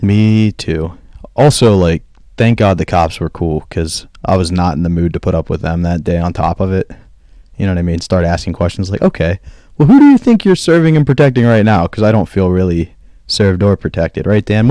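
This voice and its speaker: A man's voice: deep voice, steady tone, a little fast, dark tone, dry recording. A man in casual podcast chat, telling a long rambling story and acting out what everyone said. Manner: rambling storyteller who acts out quoted dialogue.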